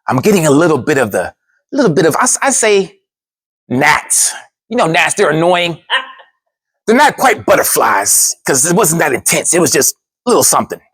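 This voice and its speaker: A man telling a personal story as a speech, animated and shifting into voices for the people in it. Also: a little high, husky, dry recording, studio quality.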